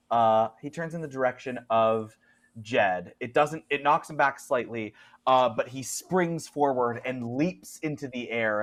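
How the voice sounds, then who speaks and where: A man narrating as game master of a tabletop horror game, often laughing and restarting his sentences. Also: mid-range voice.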